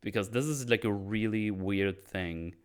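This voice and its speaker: A man hosting a casual podcast, retelling film scenes in loose, animated speech with crude jokes. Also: on the low side, a little slow, clear, resonant tone. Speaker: podcast host recapping a film.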